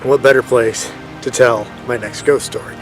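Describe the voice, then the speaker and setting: A man's voice: mid-range voice, fairly even intonation, normal speed, faint music behind. A man in his thirties telling a ghost story in a casual, rambling way outdoors in a forest, often correcting himself and using lots of fillers. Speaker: paranormal storyteller vlogger.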